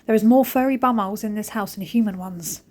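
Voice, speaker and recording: A woman in her thirties talks over her cleaning vlog in a chatty, cheeky way. She tells jokey stories about home life with her family. Her pitch sits in a middle range. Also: fairly quick, darkish tone, slight background noise. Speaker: vlogger. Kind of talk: casual chat over cleaning footage.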